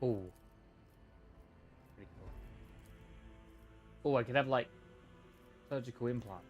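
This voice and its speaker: Over soft background music and lo-fi sound, a man with a mid-range voice plays a video game on stream at a slow pace. He thinks out loud, reacts in a relaxed, chatty way, swears now and then, and occasionally reads the game's text.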